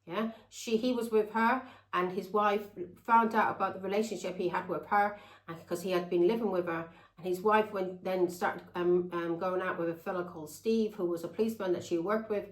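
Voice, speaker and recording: A woman's voice: fairly low pitch, fairly even intonation, a little fast, echoey room, low-quality recording. A woman telling a long, rambling personal story to her viewers. She talks bluntly and swears freely. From England. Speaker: tarot reader.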